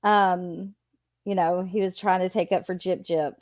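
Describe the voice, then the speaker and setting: A woman's voice: lowish voice, steady tone, measured pace, a little mellow, no echo, lo-fi sound. Woman streamer, casual and profane, giggly, dry close sound. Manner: laughs often, profane and chatty. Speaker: streamer reviewing a video. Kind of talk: casual commentary.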